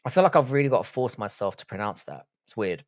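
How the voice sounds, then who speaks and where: A man's voice: on the low side, sing-song, fast talker, dry recording, studio quality. A man from Ireland with a British accent, hosting a livestream and chatting casually and bluntly as he reads out viewer comments, swearing freely. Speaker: livestream host.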